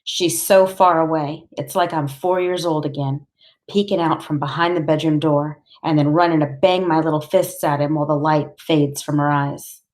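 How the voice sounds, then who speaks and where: A woman reads a novel aloud in the first person. Her voice is low, and she keeps the telling steady and intense. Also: normal speed. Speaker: audiobook reader.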